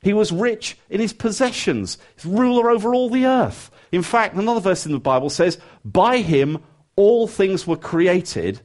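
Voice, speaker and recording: A man preaching a sermon in a conversational way, often voicing what his listeners might be thinking. His pitch swings widely, climbing high on emphatic questions and dropping low for quiet, earnest points. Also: measured pace. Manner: lively, rising emphatic questions then quiet earnest asides; conversational, acts out listeners' thoughts.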